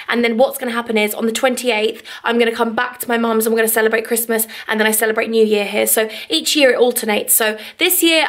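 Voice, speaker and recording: A woman's voice: fairly high pitch, a bit bright. Gushing young Englishwoman vlogging at home. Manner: gushing, emotional, upbeat. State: teary. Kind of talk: casual vlog to camera. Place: home living room. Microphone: handheld vlog camera.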